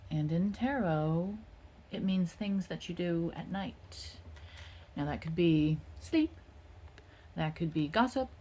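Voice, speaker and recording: A woman's voice: lowish voice, slow, mellow, a little hiss or hum. A woman doing a casual tarot reading, talking in a playful, rambling and self-mocking way. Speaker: tarot reader.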